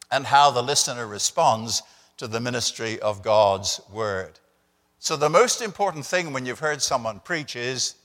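An older man preaches from the pulpit in a mid-pitched voice, talking to the congregation conversationally and with dry humor. His words ring out through a church with a long, lingering reverb. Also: fairly bright tone. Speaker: visiting preacher. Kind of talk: sermon. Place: church sanctuary.

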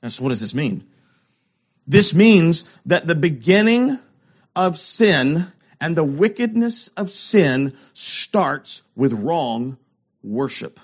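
High-voiced man preaching emphatically. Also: very animated, slow pace, breathy edge. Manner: emphatic, rhetorical questions, swings between loud and hushed. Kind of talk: sermon.

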